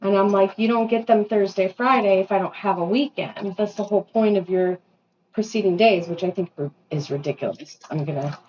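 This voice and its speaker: A woman's voice: medium pitch, brisk, a little hiss or hum. Ranting woman vlogger, lo-fi sound. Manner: ranting, animated, self-deprecating asides. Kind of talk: casual venting monologue. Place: bathroom at home. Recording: slightly dull lo-fi sound.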